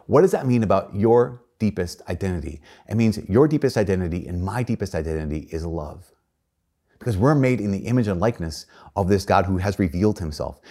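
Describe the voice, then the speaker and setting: A male priest giving a conversational homily, earnest, often repeating and restarting his words and acting out quoted voices. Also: a little mellow. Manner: acts out quoted voices in a raised pitch.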